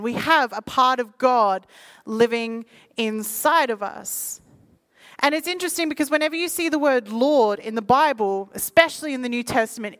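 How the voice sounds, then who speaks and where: A woman preaching to a live audience, reading scripture quickly and then explaining it in lively, casual talk. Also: fairly high pitch. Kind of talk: sermon.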